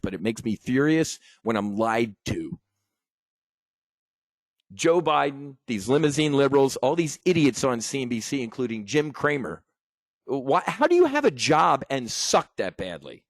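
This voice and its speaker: A man's voice: medium pitch, no echo. Fired-up middle-aged american guy ranting to his viewers, stammers and swears a lot, dry close sound. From United States. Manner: angry, emotional, stammering restarts, swearing. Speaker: trading educator. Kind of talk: impassioned rant to viewers.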